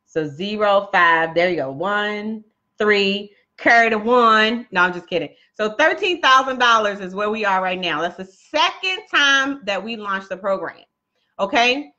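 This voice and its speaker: A woman's voice: medium pitch, pushed and bright, dull audio. A woman coaching viewers on a casual live stream, chatty and laughing often, talking straight to her audience.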